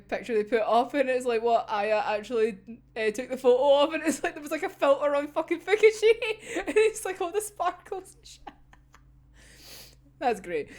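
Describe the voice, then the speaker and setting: A young woman gushing over an anime episode. She rambles, swears freely and keeps breaking into laughter. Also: fairly high pitch. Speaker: anime reviewer. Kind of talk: excited episode discussion.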